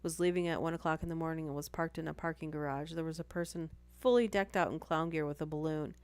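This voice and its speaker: A woman's voice: low voice, fairly even intonation, fast, darkish tone, no echo. A woman hosting a live stream, reading stories aloud and breaking off for chatty asides and apologies.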